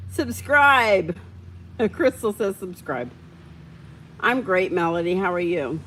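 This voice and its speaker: A woman's voice: fairly low pitch, expressive, takes it slowly, pauses often, bright, forceful tone, slight background noise, poor audio. A woman hosting a casual live stream, chatting with viewers, reading out their comments and getting heated about how dogs are treated. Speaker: livestream host.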